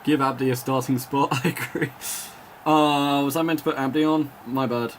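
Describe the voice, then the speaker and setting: A man doing live play-by-play commentary, calling player names in quick bursts, chatting and laughing with viewers, and rising to shouts when a goal goes in. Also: medium pitch, steady tone, slight background noise. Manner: chats and laughs with viewers between calls. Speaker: match commentator.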